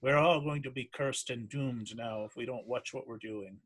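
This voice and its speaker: A man voicing a frightened male sailor who stammers nervously in a husky voice. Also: mid-range voice, normal speed, a bit bright, natural voice. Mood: fearful. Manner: stammering, fearful.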